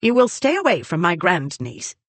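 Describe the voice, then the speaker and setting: A woman's voice: on the low side, wildly swooping pitch, moderate pace. A narrator voicing a haughty, scornful elderly aristocratic woman, the heroine's great-aunt, in a storybook reading. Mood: accusing.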